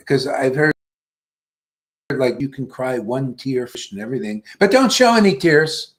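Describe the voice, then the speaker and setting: A man giving an informal devotional lecture as a spiritual teacher, blunt and profane, laughing often, swinging from loud bursts to muttered asides. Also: mid-range voice.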